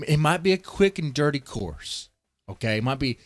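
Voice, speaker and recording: A man's voice: fairly high pitch, very animated, normal speed, a bit bright, dry recording. A man streaming live, rambling through casual, profane commentary and talking straight to his chat. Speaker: streamer reacting to a video.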